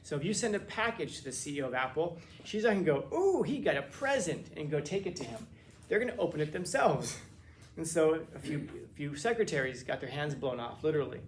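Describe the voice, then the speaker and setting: A man lecturing a class in a loose, chatty way, full of wry jokes and restarts. His voice sits slightly high for a man. A faint hiss runs under the recording. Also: animated, fast. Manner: conversational, joking asides, many restarts. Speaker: teacher.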